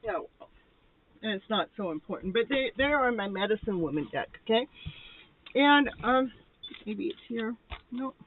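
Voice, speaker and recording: A woman runs a live tarot show, rambling and chatty, laughing often and a bit short of breath during the casual reading. Her slightly high voice is expressive at normal speed with frequent pauses. The dry, tinny, phone-like line carries a little hiss or hum.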